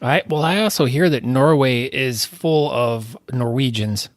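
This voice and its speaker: A man with an average-pitched voice hosts a podcast, his delivery dry and deadpan. The sound is close and dry, with no room around it. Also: a little slow, no room sound. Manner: deadpan joking. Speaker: podcast host. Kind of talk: casual chat.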